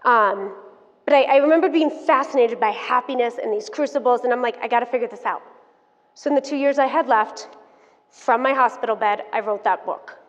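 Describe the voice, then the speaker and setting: A woman in her thirties giving a motivational keynote talk, telling her story in an animated, frank and playful way to the audience. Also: on the high side, fairly quick. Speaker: keynote speaker. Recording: dull sound, long hall reverb.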